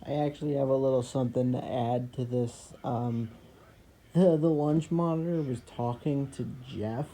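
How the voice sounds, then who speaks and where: Man, deep mellow tone, relaxed casual aside with some hesitation. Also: moderate pace, slight background noise, low-quality recording. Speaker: friend chiming in.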